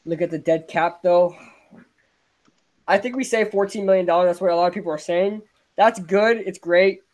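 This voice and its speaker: Excitable young man ranting about football. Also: high voice, moderate pace. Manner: excitable, ranting, laughs often. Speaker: podcast host. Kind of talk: casual sports chat.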